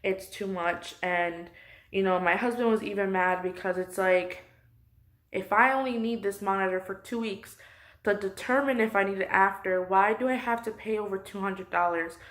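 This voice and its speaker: A woman's voice: medium pitch, moderate pace, fairly bright tone. A woman close to tears, venting her frustration in a personal vlog from her couch at home. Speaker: vlogger.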